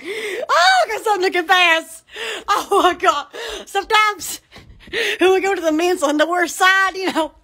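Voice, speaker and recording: A middle-aged woman chatting on a livestream, giggling and bursting into loud exclamations. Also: very high-pitched, animated, measured pace. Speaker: livestream host. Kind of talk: rambling livestream chat.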